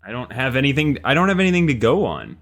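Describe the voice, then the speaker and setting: A man's voice: mid-range voice, sing-song, quick pace, fairly bright tone. A man playing in a casual tabletop game, stubborn and joking, swearing casually. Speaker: player.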